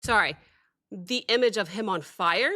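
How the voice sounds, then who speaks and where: A bright, clear-toned woman reacts to a song in casual commentary. She is excitable and thinks out loud, breaking off now and then to apologize, at an ordinary middle pitch. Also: unhurried. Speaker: reaction video host.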